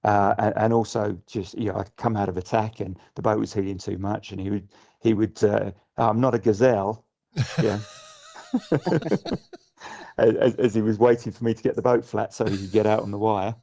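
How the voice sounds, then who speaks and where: A man's voice: fairly low pitch, flat delivery, moderate pace, gravelly, mellow. A middle-aged man from the UK, a guest sailor on a casual podcast, speaking thoughtfully with frequent restarts and fillers. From United Kingdom. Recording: muffled lo-fi audio.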